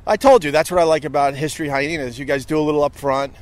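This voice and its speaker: A man's voice: fairly high pitch, steady tone, fast talker. A man in his fifties hosting a podcast, chatting casually and laughing often while walking outdoors. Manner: laid-back, laughs often. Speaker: podcast host. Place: outdoors on city streets and in a park.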